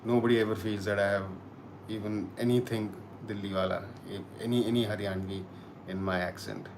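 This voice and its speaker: Male streamer from Kashmir, rambling chatty delivery, slightly low pitch, faint background noise. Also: steady tone, brisk. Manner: chatty, repeats words and restarts, thanks viewers. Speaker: livestream host. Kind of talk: casual live-stream chat reading comments.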